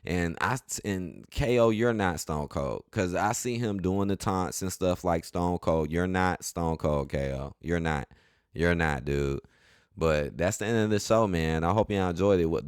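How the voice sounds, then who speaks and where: A man's voice: sits low, clear, resonant tone, no echo, clean studio sound. A man reviewing a wrestling show in a casual, blunt way, repeating himself for emphasis. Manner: blunt, repetitive, laughs at moments.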